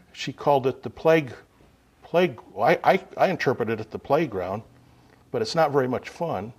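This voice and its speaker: A man preaching a sermon to a gathering, unhurried, swinging from loud emphasis to quiet asides. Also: medium pitch, breathy edge.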